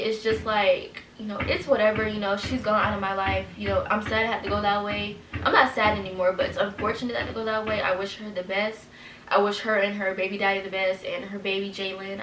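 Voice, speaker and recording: A woman's voice: mid-range voice, a bit bright, slight background noise. Young woman rambling thru a storytime vlog, a bit teary, echoey room, kinda far from the mic. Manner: rambling, full of "like" and "you know". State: teary, holding back tears. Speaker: vlogger. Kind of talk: casual personal storytime. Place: home room. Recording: roomy echo, speaking a bit off-mic.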